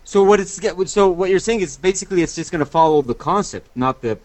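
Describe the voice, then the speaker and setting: A man's voice: high voice, animated, fast, a little mellow, dry recording. A man co-hosting a podcast, throwing in wisecracks. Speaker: co-host. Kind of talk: casual podcast banter.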